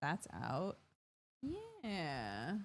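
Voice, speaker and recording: Young woman streamer chatting, low-ish voice bouncing all over, dry close sound. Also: big pitch swings, extremely slow, gravelly, dry recording. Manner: chatty, reads out chat and thanks subscribers. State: yawning, tired. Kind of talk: casual chat.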